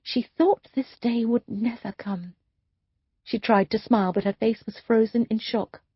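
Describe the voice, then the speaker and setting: A woman's voice: fairly high pitch, fairly even intonation, measured pace, husky, no echo, highs cut off. A woman narrating an audiobook, reading the dialogue with light shifts for each character. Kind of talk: scripted narration.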